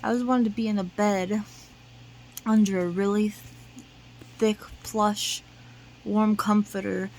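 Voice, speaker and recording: A woman's voice: medium pitch, steady tone, measured pace, long pauses, a little mellow, a little hiss or hum, rough recording. A woman telling a rambling, emotional story in a casual vlog, sometimes drifting into half-whispered singing. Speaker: vlogger.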